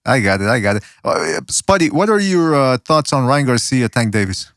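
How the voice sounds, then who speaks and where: A man's voice: medium pitch, very animated, fairly bright tone, no room sound, clean studio sound. A man hosting a podcast, joking and swearing in casual chat. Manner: rapid, profane, joking. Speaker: podcast host.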